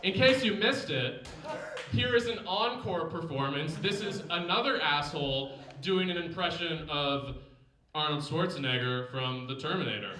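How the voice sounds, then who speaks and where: A man performing a stand-up set, introducing his bits in a deadpan tone on a comedy stage. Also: a little high, normal speed. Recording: echoey stage mic.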